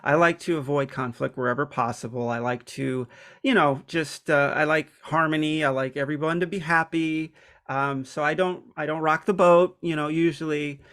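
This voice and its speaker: A man with a slightly higher-pitched voice talks through a personal topic in a relaxed, reflective monologue. He speaks candidly and hesitates often, filling gaps with ums and restarting his sentences. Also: moderate pace.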